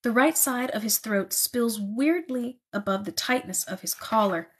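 A woman reading a novel aloud in a measured, expressive narrating voice. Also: on the high side, husky. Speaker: reader.

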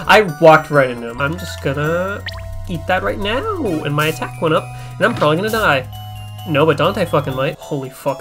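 A man's voice: fairly high pitch, fairly quick. Swearing, joking man playing a game. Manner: crude joking, frequent swearing, sudden excited outbursts. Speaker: let's play gamer. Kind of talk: casual gameplay commentary. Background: faint game soundtrack music.

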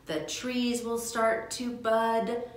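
A woman preschool teacher singing and reading a picture book to children, slow, gentle and sing-song. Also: fairly high pitch, monotone, heavy reverb.

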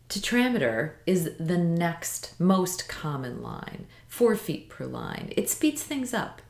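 A woman teaching how to write poetry in meter, speaking in a measured way and slowing down to stress the syllables of the lines she reads aloud. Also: deep voice, vocal fry, darkish tone, reverberant. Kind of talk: instructional lesson reading poems aloud.

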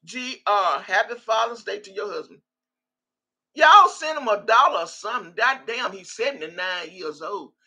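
A woman's voice: mid-range voice, lively intonation, normal speed, pushed and bright, breathy edge. A woman hosting a casual livestream and reading viewers' comments aloud, brash and profane, often laughing. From Texas. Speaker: livestream host.

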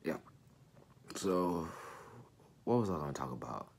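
A man's voice: very deep voice, big pitch swings, a little slow. A young man vlogging casually from his bedroom about customizing sneakers, rambling and laid-back, sounding sick with a cold. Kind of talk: casual chat to camera.

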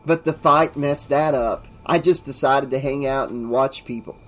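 A man's voice: moderate pace, a bit bright, faint music behind, close to an everyday voice. A man doing an eerie, darkly amused guy. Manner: darkly amused, drifting into sinister low tones. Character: eerie amused young man, sinister and playful.

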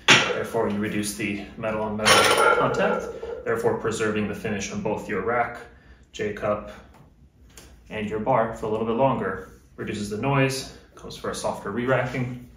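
A man giving a relaxed, upbeat how-to demonstration while handling gear in his home gym. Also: lowish voice. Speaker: fitness vlogger. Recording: very echoey room, distant mic, faint noise.

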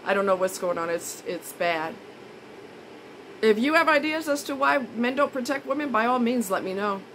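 A woman's voice: a little high, lively intonation, moderate pace, a bit bright, a little hiss or hum, poor audio. A woman vlogger in a casual monologue, blunt and indignant, repeating her points for emphasis.

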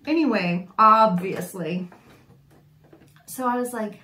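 Unhurried woman telling wry stories. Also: mid-range voice. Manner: wry and animated, often laughing. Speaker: sewing vlogger. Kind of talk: casual storytelling to camera. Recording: echoey room.

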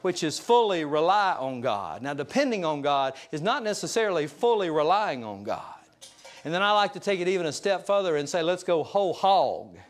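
A man's voice: a little high, sing-song, normal speed, faint music behind. A middle-aged man preaching to his congregation, folksy and full of joking asides. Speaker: pastor. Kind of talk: sermon. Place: church sanctuary.

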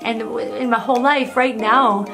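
A woman's voice: a little high, steady tone, moderate pace. A woman, the host's mother, giving an earnest, heartfelt casual faith testimony to the camera. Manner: earnest, heartfelt, drops soft when quoting inner comfort. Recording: music playing clearly behind.

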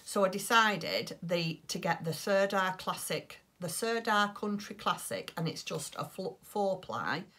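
A woman's voice: mid-range voice, animated, a little slow, few pauses, bright, forceful tone. A woman chatting casually on her craft podcast, rambling along with plenty of ums. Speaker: crochet and knitting podcaster.

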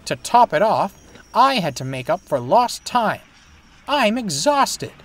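A man's voice: high voice, sing-song, slow, a bit bright, pitched above the performer's own voice, full character voice. A man voicing a vain, dramatic male steam engine who sighs and sulks theatrically, with music playing behind him. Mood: sulky. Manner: sighing, sniffy and theatrical.

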